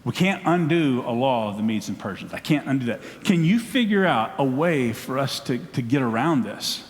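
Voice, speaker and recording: A preacher putting on a furious, outraged king who speaks loudly and slowly in disbelief. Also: medium pitch, lively intonation, natural voice. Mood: troubled. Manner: loud, incredulous, drawn out. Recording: long church hall echo.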